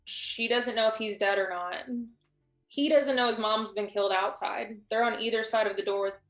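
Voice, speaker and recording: As a guest on a live stream, a woman chats casually, rambling and thinking out loud with lots of restarted sentences. Her pitch is in the middle range, and the room she's in has a noticeable echo.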